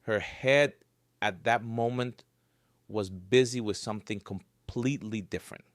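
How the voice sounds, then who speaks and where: A man narrating a scripted story in a lively, varied storytelling voice. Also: lowish voice, a little slow, dry recording, clean studio sound.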